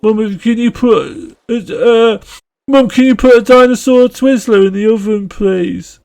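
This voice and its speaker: A man putting on a Birmingham-accented young boy who pleads with his mum for food in a slow, drawn-out whine. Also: very high-pitched, creaky, darkish tone, clear, resonant tone, pitched above the performer's own voice, exaggerated voice. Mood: pleading. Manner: pleading, stretches words slowly.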